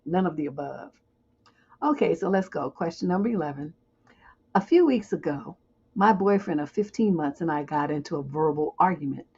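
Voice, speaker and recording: A woman's voice: deep voice, animated, moderate pace, warm tone, husky, lo-fi sound. A woman hosting a livestream advice show, reading viewer questions aloud and answering them with blunt, joking frankness. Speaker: relationship advice host.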